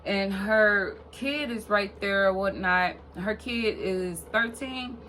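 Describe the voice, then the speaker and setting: A woman's voice: medium pitch, takes it slowly, sharp tone, slight background noise. A young woman vlogger telling a long personal story in a casual, rambling way, full of fillers and swearing.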